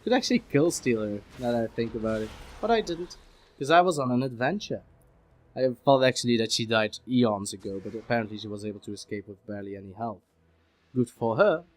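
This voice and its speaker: A man of ordinary pitch talks through his own gameplay in a loose, rambling way. He keeps slipping in self-deprecating asides. Faint music plays quietly behind him. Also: expressive, brisk. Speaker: gameplay commentator. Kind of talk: casual commentary over his own gameplay. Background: faint background music.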